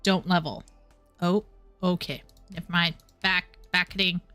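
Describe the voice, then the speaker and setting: Woman game streamer with a low, bright, tense voice, dry close sound. Chatty and stumbly. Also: steady tone, measured pace, no room sound, soft background music. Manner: chatty, stumbles and repeats words, reads game dialogue aloud. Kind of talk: casual gameplay commentary.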